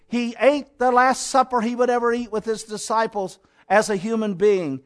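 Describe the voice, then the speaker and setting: High-voiced man preaching dramatically. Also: steady tone, normal speed. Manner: dramatic, addresses listeners as "my friend"; builds with repeated phrases. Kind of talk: sermon.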